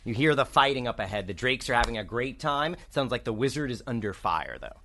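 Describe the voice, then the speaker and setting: A man narrating as game master in a tabletop game, with vivid, animated descriptions. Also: mid-range voice, brisk.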